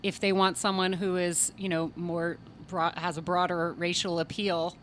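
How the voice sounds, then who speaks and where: Bright-voiced chatty woman interviewer. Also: lowish voice, level tone, a little hiss or hum. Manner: chatty, self-deprecating, quick laughs. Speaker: interview host. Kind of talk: casual interview chat.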